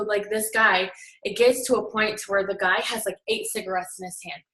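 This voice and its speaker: A woman's voice: medium pitch, steady tone, brisk, a bit bright. Chatty young woman, roomy echo. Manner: chatty, full of "like" fillers. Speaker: guest recapping a seminar. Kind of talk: casual storytelling.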